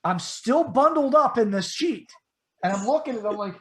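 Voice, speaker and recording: A middle-aged man telling a story in a casual podcast chat, his voice jumping up and getting loud whenever he quotes himself. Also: high-pitched, fairly quick. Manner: animated storyteller, voice rises sharply when quoting himself. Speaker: podcast co-host.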